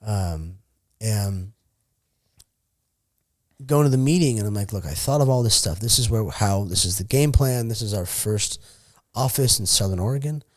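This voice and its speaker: Middle aged guy, kinda low voice, cursing and laughing thru his fight stories, casual podcast chat. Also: animated, normal speed. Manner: profane, storytelling, laughs often. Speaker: podcast guest, former fighter.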